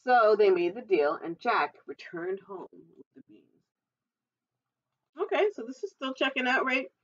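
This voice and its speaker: A woman's voice: fairly high pitch, sing-song, measured pace, a little hiss or hum. Giggly woman reading a storybook aloud. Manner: chatty, giggly asides. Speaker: children's librarian. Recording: dull, distant recording.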